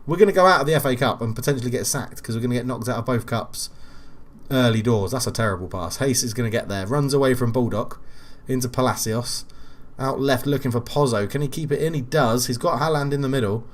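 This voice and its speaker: A young man commentating on his own football management game, casual and quick to rant and swear when frustrated. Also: medium pitch. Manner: exasperated, ranting at the game, swears. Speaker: gaming channel host.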